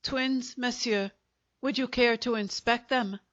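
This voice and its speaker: A woman's voice: on the high side, fairly even intonation, takes it slowly, no room sound, muffled recording. A woman voicing a sad, urbane male French undertaker who speaks with polite regret. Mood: politely sad. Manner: courteous, regretful.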